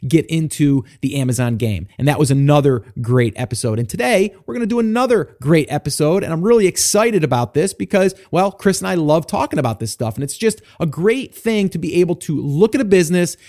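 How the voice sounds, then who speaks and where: A man's voice: fairly high pitch, expressive, brisk, hardly any pauses, mellow. A man hosting a podcast, talking in an enthusiastic, rambling way with lots of fillers. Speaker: podcast host. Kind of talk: casual podcast chat.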